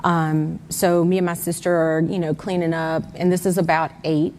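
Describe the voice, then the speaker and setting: A woman's voice: deep voice, little pitch movement, normal speed, a little mellow, long reverb tail, slight background noise. A mother recounting step by step, with exact times, what happened the day her son went missing. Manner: detailed, step-by-step retelling with times. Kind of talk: recounting events in an interview.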